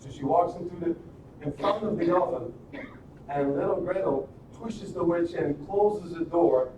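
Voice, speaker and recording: Telling stories and offering motivation, a live stream host with a rather high voice rambles with animation, restarting often and tossing out rhetorical questions. His voice is far off-mic in a heavily reverberant space, over a constant background noise.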